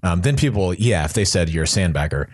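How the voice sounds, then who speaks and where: Deep-voiced male co-host, loose and rambling, close dry studio sound. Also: animated, fairly quick, a little mellow, slightly rough, no room sound. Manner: rambling, with frequent restarts and fillers. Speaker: podcast co-host. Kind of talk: casual chat answering listener questions.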